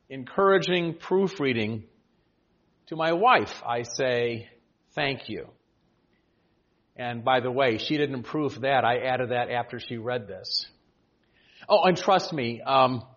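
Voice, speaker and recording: Older guy pastor in his 60s reading his farewell speech, measured and earnest, bit of gentle humor, muffled lo-fi sound. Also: mid-range voice. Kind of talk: reading a prepared farewell address to a congregation.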